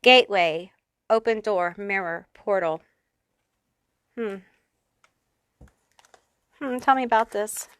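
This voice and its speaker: A woman's voice: medium pitch, takes it slowly, pauses often, fairly bright tone, smooth, no room sound. A woman giving a pick-a-card tarot reading, talking straight to the viewer in a blunt, profane, fired-up way. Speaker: tarot reader.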